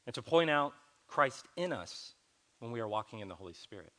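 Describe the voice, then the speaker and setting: A man's voice: medium pitch, animated, brisk, sharp tone. A young adult man preaching a sermon as pastor, conversational and earnest, acting out little dialogues as he teaches.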